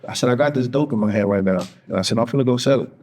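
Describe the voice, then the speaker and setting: A man's voice: medium pitch, very fast, darkish tone. A man from Texas, a podcast guest, candidly telling an emotional personal story and acting out the voices of people he quotes.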